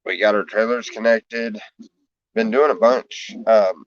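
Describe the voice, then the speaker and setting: A man's voice: fairly even intonation, a little slow, highs cut off. A man chatting casually in a homestead vlog, sometimes talking to his pigs in a coaxing voice. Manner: talks to his piglets in a high coaxing voice. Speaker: homesteader vlogger.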